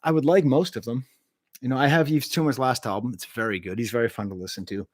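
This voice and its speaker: A man's voice: medium pitch, quick pace, no echo, clean studio sound. A man who teaches French, chatting casually on a livestream, rambling and joking at himself with lots of filler uhs. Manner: rambling, self-deprecating, many filler uhs. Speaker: music reviewer and French teacher. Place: home room.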